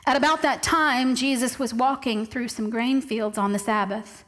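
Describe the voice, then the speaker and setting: High-voiced woman preaching a sermon. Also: fairly even intonation, fairly bright tone. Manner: reads scripture aloud, slows down for emphasis.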